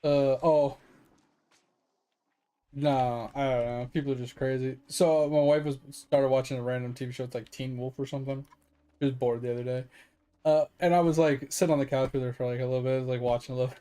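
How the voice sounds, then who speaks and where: While streaming a game, a man chats casually, rambling through stories, chuckling, and swearing freely. His mid-range voice is smooth with a dark tone, holding steady at a brisk clip.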